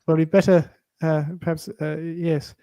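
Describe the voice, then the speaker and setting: A man's voice: on the high side, level tone, measured pace, dark tone, clear, resonant tone, no room sound. A man taking part as a player in a casual tabletop game, polite and hesitant, with many fillers.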